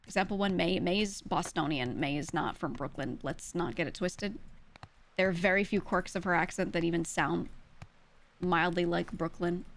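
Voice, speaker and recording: A woman's voice: lowish voice, slight background noise. A young woman, explaining in casual chat, emphatic and full of filler words. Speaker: streamer.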